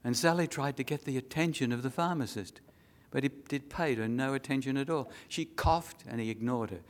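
A man's voice: mid-range voice, a little fast. A man preaching a sermon, telling an earnest story and making emphatic appeals.

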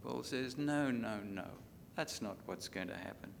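An older Australian pastor delivers a sermon with dramatic shifts in loudness, rising for scripture and dropping to near-quiet asides, and he slows down to linger on key lines. His voice carries some vocal fry and rings with a long reverb from a large hall over a faint low rumble.

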